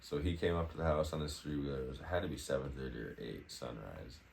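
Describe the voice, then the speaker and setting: A man's voice: very deep voice, animated, fast, vocal fry, a little mellow, a little hiss or hum. A man co-hosting a podcast, telling a story in a laid-back way. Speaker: podcast co-host. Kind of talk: casual chat.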